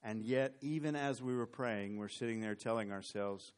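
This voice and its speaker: A man's voice: mid-range voice, moderate pace, few pauses, clean tone. A male pastor preaching a sermon, retelling a scripture story animatedly and reading verses aloud. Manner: animated storytelling, reads scripture in old formal English.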